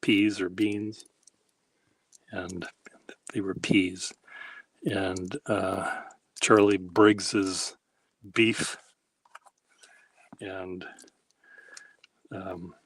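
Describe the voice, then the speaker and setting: A man with a lowish, slightly breathy voice hosts a casual, rambling chat, speaking in an easy, unhurried way. He drifts from anecdote to anecdote, pausing often and halting as he gathers his thoughts.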